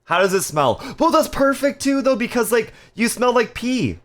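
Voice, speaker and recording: A man with a very high, very animated voice chats at a moderate pace on his live stream. He reads viewers' messages aloud, joking playfully and laughing a lot.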